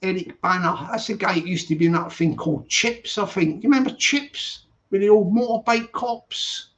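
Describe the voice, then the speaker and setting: A man's voice: high-pitched, moderate pace, fairly bright tone. A man hosting a live stream, chatting casually and rambling as he reads out viewer comments. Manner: rambling, repeats himself, chatty. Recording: dull lo-fi stream audio.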